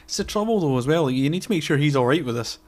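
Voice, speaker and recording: A man's voice: on the high side, animated, racing. Young Scottish male co-host, wry banter, casual swearing. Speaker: podcast co-host. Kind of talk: casual chat.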